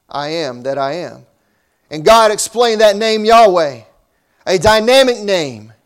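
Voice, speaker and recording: A man preaching a sermon as pastor, with emphatic rising and falling delivery. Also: sits high.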